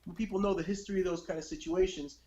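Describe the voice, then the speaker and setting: A man of Cuban background on a podcast, easygoing and casual, tossing in swear words and "like" as he talks. His voice sits a little higher than most men's. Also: animated, quick pace, a little mellow, dull audio. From Cuban family background. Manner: laid-back, swears casually, says "like" a lot. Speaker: podcast co-host. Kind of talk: casual chat.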